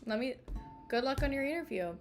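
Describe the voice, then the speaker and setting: A woman's voice: high-pitched, lively intonation, brisk. A woman in her twenties, a streamer, venting to her chat in a rambling, exasperated way, full of fillers and swearing. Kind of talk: casual live-stream venting. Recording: faint music behind.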